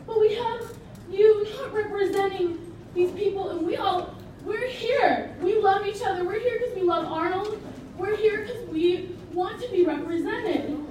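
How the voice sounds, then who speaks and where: A woman's voice: very high voice, darkish tone. A young woman in her twenties, a teacher, giving an emotional, impassioned public comment at a council meeting. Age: 20s. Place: large meeting hall with a crowd. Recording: echoey hall, distant, crowd noise.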